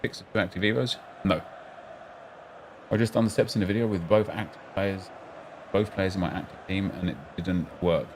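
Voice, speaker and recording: Laid-back low-voiced streamer. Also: male voice, fairly even intonation, fairly quick, darkish tone, slight background noise. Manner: rambling storytelling, laid-back. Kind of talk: casual live-stream chat.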